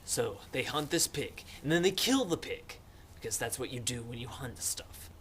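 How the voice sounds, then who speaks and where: A young man tells the story loosely and jokingly, as if to friends. His voice swings up and down a lot, and he keeps slipping into loud, goofy character voices. There is a faint hiss behind him. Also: mid-range voice, expressive, moderate pace. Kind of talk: comic book summary with voices.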